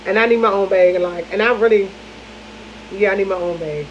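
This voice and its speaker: A woman's voice: mid-range voice, a little fast, highs cut off, a little hiss or hum. A young woman vlogger, chatting casually to viewers in long repetitive run-on bursts.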